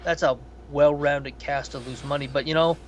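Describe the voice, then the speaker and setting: A man's voice: a little high, normal speed, a little hiss or hum. A man co-hosting a podcast, chatting casually and profanely about a film in a rambling way. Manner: rambling, profane, animated storytelling. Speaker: podcast co-host. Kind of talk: casual film review chat.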